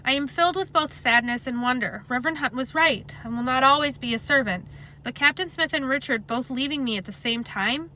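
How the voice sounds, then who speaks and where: Woman, reading a novel aloud, bright tone, slightly high voice, steady, conversational. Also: moderate pace, slight background noise, poor audio. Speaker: reader.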